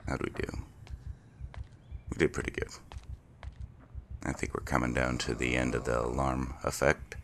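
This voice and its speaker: A man's voice: extremely low pitch, flat delivery, normal speed, pauses often, a bit bright, slight background noise. A young man casually commenting on his own gameplay, grumbling and talking to himself as he plays. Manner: grumbling, talks to himself while playing. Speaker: gaming YouTuber.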